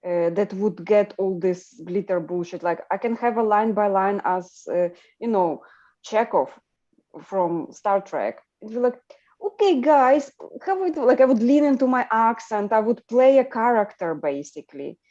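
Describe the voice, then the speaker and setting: A woman hosting a livestream chat, talking in an animated way with lots of fillers and restarts. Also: medium pitch, a little slow, lo-fi sound. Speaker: livestream host. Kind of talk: casual group chat on a livestream.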